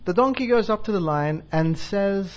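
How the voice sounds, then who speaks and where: A man's voice: high-pitched, lively intonation, normal speed. A man, a bishop, giving a sermon in a chatty, self-deprecating way, telling a joke and laughing along. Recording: dull lo-fi recording.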